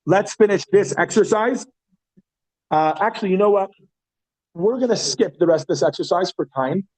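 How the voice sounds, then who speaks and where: A man teaching a Yiddish class, chatty and animated, often restarting his sentences as he talks to the room. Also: sits high, normal speed, no room sound, rough recording. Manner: animated, chatty, self-interrupting. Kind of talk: classroom lesson.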